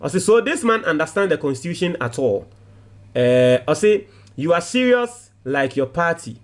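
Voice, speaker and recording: A man with a Ghanaian accent reads viewer comments aloud, one after another. His voice sits a little high for a man. His delivery is animated and mocking, and he mixes English with Twi phrases. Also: normal speed.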